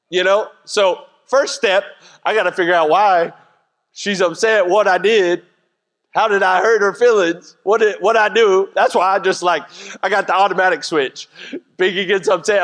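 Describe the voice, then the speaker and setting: A man's voice: high-pitched, fairly bright tone. A middle-aged man, preaching a sermon in a casual, joking, conversational way. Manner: conversational, jokey preaching with voiced asides. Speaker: pastor. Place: church sanctuary. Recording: church hall reverb.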